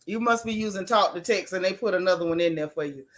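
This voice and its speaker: A woman hosting a casual live stream, reacting to a reality TV reunion and reading viewer chats aloud, chatty and blunt with relaxed colloquial grammar. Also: lowish voice, fast. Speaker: host of a reality TV recap channel.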